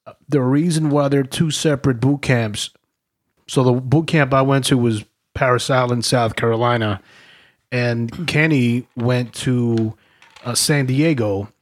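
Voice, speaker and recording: A man from the eastern United States hosts a laid-back podcast, trading stories and turning to explain details to his listeners. He speaks at a plain middle pitch, easy and conversational. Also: measured pace. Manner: relaxed, asks questions, explains to listeners. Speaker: podcast host.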